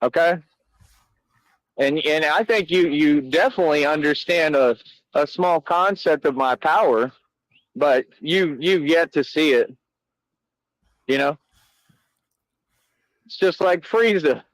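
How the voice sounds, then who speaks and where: A man talks at a slow, dragging pace, boasting and repeating himself in loose slang. His voice sits a little high, and the sound is dry and close with no room in it. He comes across cocky and rambling. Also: no room sound, poor audio. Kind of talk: boastful rant.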